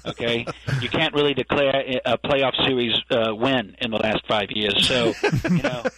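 A man puts on a bragging, insult-slinging politician for a radio comedy bit. The voice is forceful and bright, pushing every claim, and he hammers sentences with a repeated "okay?". The sound is close and dry. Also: mid-range voice, expressive, moderate pace, dry recording, low-quality recording. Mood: boasting. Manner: tags nearly every sentence with a questioning okay, repeats himself. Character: blustering boastful male politician, insulting and self-praising. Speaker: comedic impressionist guest.

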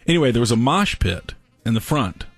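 A man co-hosting a casual talk show, telling a gross news story in an animated way and laughing through it. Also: mid-range voice, a little fast, husky, no echo, soft background music. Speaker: podcast co-host. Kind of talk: casual chat, reading a news story aloud.

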